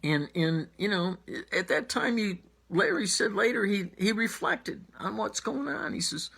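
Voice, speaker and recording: A man telling a tall tale in a halting, suspenseful way, dropping to a hush at tense moments. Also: high-pitched, expressive, gravelly, slightly rough. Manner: halting, restarts, drops to whispers for suspense. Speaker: storyteller.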